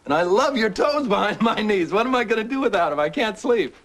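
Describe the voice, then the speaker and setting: A man's voice: high voice, expressive, fairly quick, a bit bright. An actor playing a teasing, affectionate husband and father in a soap opera, from an old TV tape with faint hiss. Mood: playful. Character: playful loving husband, adult man.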